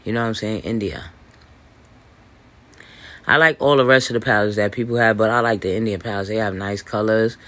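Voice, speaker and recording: A man hosting a podcast, talking in a loose, boastful monologue full of fillers, restarts and swearing, with hiccups and throat clearing. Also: on the low side, a little fast, long pauses, a bit bright. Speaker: podcast host. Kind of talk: rambling casual monologue. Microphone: voice message recording.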